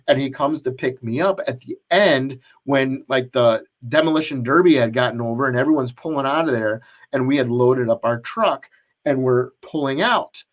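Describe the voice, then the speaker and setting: A podcast co-host with a medium-pitched voice speaks at a moderate pace. He rambles through a long story in casual chat, with lots of restarts and fillers.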